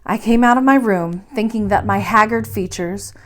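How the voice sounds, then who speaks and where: A woman reading a bedtime story aloud, narrating in an expressive, measured way. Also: mid-range voice. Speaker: library storyteller.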